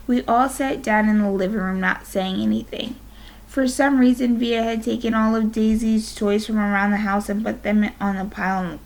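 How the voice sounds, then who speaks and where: A woman teacher reading a children's novel aloud to her class, gently and unhurried, now and then correcting herself. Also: medium pitch, low-quality recording.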